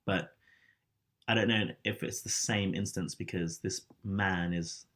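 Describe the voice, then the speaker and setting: A man co-hosts a casual podcast with a fairly low voice. He asks curious questions and works through his thoughts aloud, often restarting his sentences. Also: steady tone, measured pace, a bit bright. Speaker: podcast co-host. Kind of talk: casual chat.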